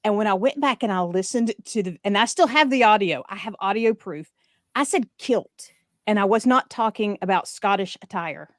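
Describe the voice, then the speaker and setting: A woman with a light Southern accent chats as a podcast guest over a video call, lively and quick to joke. Her voice sits at a middle pitch, and it is recorded close and dry with no room sound. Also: no echo. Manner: lively, joking, laughs often. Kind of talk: casual interview chat.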